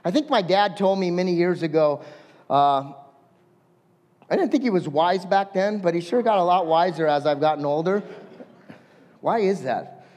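A male pastor delivering a sermon with a notably high voice for a man. He tells stories animatedly, acting out quotes and rattling off lists. His voice rings with a long hall reverb. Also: moderate pace, pauses often. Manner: storytelling with lively voiced quotes and listed words.

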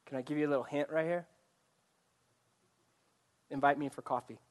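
Earnest male preacher, slightly high voice. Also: steady tone, normal speed. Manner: earnest, asks the congregation direct questions. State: choked up, coughing. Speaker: pastor. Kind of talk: sermon.

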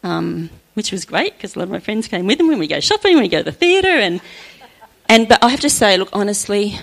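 A middle-aged woman sharing an earnest personal faith testimony at church, chatty and often laughing softly. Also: mid-range voice, big pitch swings, fairly quick, vocal fry, low-quality recording.

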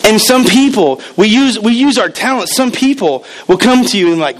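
Animated male preacher in church. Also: high-pitched, normal speed, low-quality recording. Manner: animated storytelling with acted quotes. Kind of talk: sermon.

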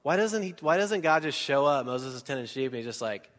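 A male pastor preaching a sermon in a church hall. He talks in a conversational, animated way, asks the crowd questions and acts out little scenes. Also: mid-range voice, brisk. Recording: long hall reverb.

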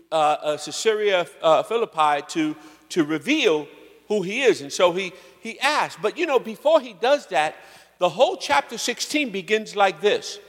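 A male pastor preaching an animated, slangy sermon in a church, calling out for amens. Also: high voice, big-room sound.

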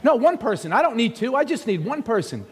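Pendeta pria bersuara tinggi, bercanda di mimbar. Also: male voice, very high voice, very animated, fairly quick, long reverb tail. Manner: joking, chatty, teasing the congregation. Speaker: pastor. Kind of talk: sermon. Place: church sanctuary. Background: congregation.

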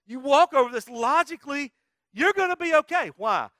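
High, bright preacher man. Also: lively intonation, normal speed, dry recording, studio quality. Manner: emphatic call-and-response preaching, quizzing the congregation. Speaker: pastor. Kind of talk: sermon.

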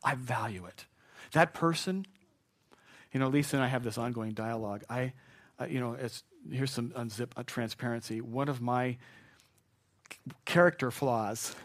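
A man preaching a sermon in a conversational way, dropping to a hush and rising to loud asides. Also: medium pitch, moderate pace, pauses often. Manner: conversational preaching, swings from hushed to shouted asides. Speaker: pastor.

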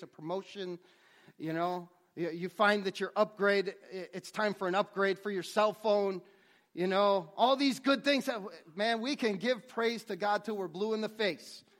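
A man's voice: sits high, fairly bright tone. A man preaching a sermon, earnest, often repeating words as he restarts his phrases. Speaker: pastor.

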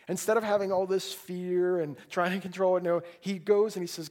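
A man's voice: high-pitched, fairly even intonation, a little fast, darkish tone. A man preaching a sermon at a church service, earnest and pleading, often repeating words as he restarts a thought. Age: adult, a parent. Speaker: pastor.

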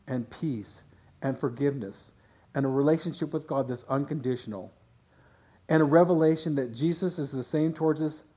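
A man's voice: mid-range voice, mellow. A man pastor preaching a sermon in a conversational way, often restarting phrases and voicing quotes.

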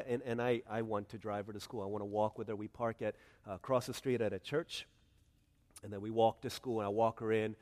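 A man preaching a sermon as pastor, telling stories animatedly and swinging between hushed, tender passages and excited outbursts. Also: medium pitch.

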